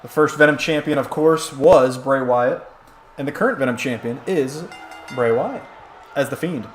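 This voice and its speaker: A man with a mid-range voice commentates a wrestling video game on a live stream at a moderate pace, rambling and joking through excitable play-by-play. There's slight background noise.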